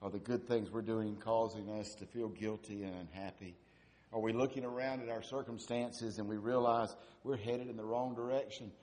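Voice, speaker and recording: A man's voice: fairly low pitch, fairly even intonation, normal speed, darkish tone. A man preaching a sermon, asking repeated rhetorical questions and building to emphatic peaks.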